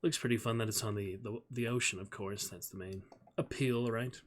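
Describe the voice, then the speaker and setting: A man's voice: lowish voice, fairly even intonation, brisk, a little hiss or hum. Friendly male streamer reading aloud. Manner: friendly, chatty with viewers between reading passages. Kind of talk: live-stream chat and book reading.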